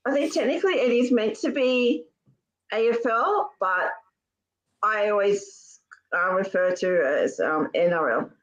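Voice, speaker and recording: An Australian woman co-hosting a live stream over a video call, chatty and quick to laugh. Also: medium pitch, expressive, lo-fi sound. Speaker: livestream co-host. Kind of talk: casual live-stream chat.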